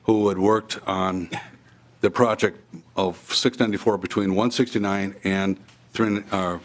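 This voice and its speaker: A middle-aged man, a bereaved father, giving measured, halting testimony at a legislative hearing. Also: deep voice, fairly even intonation, a little hiss or hum. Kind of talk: formal testimony.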